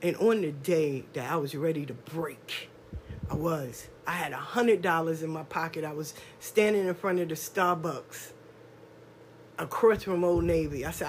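With slight background noise in the recording, a deep-voiced middle-aged woman gives a personal testimony monologue for a podcast. She recounts her life openly and emphatically, swearing freely, using plenty of street slang, and dragging out her stresses.

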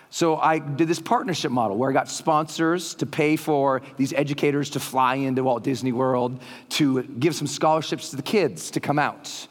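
Animated man speaking in a reverberant hall. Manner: animated storytelling, acting out quotes in a higher voice. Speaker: motivational speaker. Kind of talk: live stage talk to an audience. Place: large hall with a live audience.

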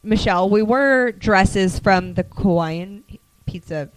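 A woman's voice: medium pitch, slow pace, slight background noise. A woman co-hosting a casual podcast chat, telling stories animatedly and acting out quotes. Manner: animated storytelling, acts out quotes. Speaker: podcast co-host.

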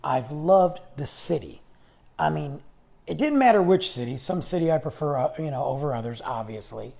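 A man's voice: a little high, lively intonation, moderate pace, vocal fry, dark tone. A man hosting his own podcast, talking in a rambling, chatty way and restarting his sentences while losing his voice. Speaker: podcast host. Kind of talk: casual solo podcast monologue.

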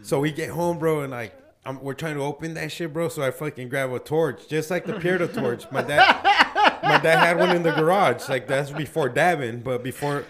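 Young guy telling wild stories, lots of bro and cursing, kinda high voice. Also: moderate pace, fairly bright tone. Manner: profane, slangy, says bro a lot. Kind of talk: casual chat, storytelling.

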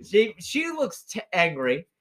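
A man's voice: high voice, huge pitch swings, takes it slowly, a loud crowd. A man co-hosting a podcast, telling a story in casual chat, acting out quotes and laughing often. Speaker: podcast co-host.

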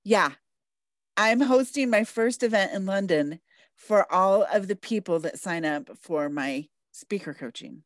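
A woman's voice: medium pitch, animated, measured pace, no echo. A woman hosting an interview podcast, bubbly and gushing, laughing often as she chats. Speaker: podcast host. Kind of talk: casual interview chat.

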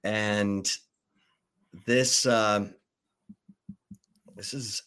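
A man co-hosts a casual sports podcast, reading out breaking news before musing over what it means. His voice sits low and his delivery is slow and unhurried, with easy pauses between thoughts. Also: fairly even intonation, a bit bright, clean tone. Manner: unhurried, reads breaking news then muses about it.

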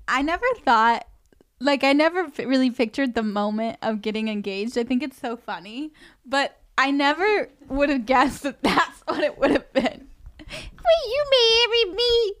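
A young woman co-hosting a casual podcast, chatty and giggly. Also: high-pitched. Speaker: podcast co-host. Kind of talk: casual couple chat.

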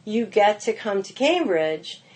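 A middle-aged woman chatting as a podcast guest, spinning animated anecdotes packed with "like" and "you know". Her voice sits at an ordinary pitch for a woman and moves easily between quick asides and slower emphasis. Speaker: pastry chef, podcast guest. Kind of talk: casual interview storytelling.

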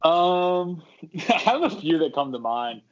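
A man's voice: fairly high pitch, very animated, takes it slowly, lo-fi sound. Rambling man telling work stories. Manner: rambling, many fillers and restarts. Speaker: guest, former theme park custodian. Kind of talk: casual podcast storytelling.

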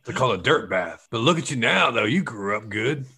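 Man, low gravelly husky voice, cheeky improv comedy. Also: animated, brisk, bright, forceful tone. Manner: cheeky and teasing, calls scene cuts. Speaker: comedy podcast host.

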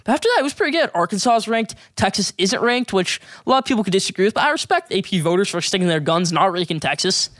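Young sports-talk host, hyped and opinionated, very fast talker, dry close-miked sound. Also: medium pitch, no echo. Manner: excitable, hyping, opinionated.

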